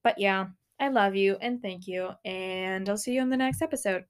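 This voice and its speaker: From her small bedroom, a teen girl hosts a casual solo podcast in a mid-range voice at a moderate pace, with slight background noise. Swearing comes often, as do sudden frustrated exclamations.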